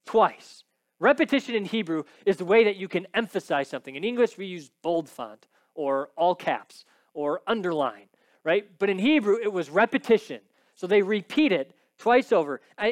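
A man's voice: high voice, no echo. A man preaching a sermon, teaching emphatically and often checking in with his listeners. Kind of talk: sermon with scripture reading.

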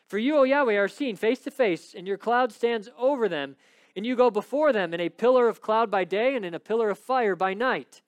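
A man preaching a sermon and reading scripture aloud. He rises high when he stresses a point, then drops low and quiet. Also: brisk, clean tone, no room sound, clean studio sound.

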